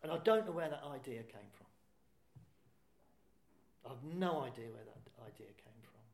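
A man's voice: medium pitch, lively intonation, normal speed, gravelly, darkish tone, reverberant. An older man from England frankly telling his own story, self-deprecating and plain-spoken. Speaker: speaker sharing recovery story. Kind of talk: personal testimony talk.

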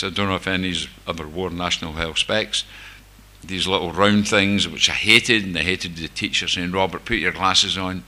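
A man's voice: low voice, bright, forceful tone. An older man with a Glasgow-area Scottish accent, candidly telling a group his own recovery story with wry, self-mocking humor. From Scotland, near Glasgow. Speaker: speaker sharing recovery story. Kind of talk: personal testimony to a group.

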